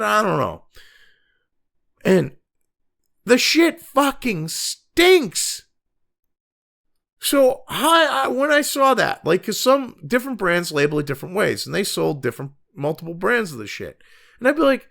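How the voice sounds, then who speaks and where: A man's voice: sits high, sing-song, measured pace, creaky, pauses often, a bit bright. A middle-aged man hosting a commentary show, ranting angrily and sarcastically, swearing constantly as he reacts to the news. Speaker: commentary host. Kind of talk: profane rant reacting to news.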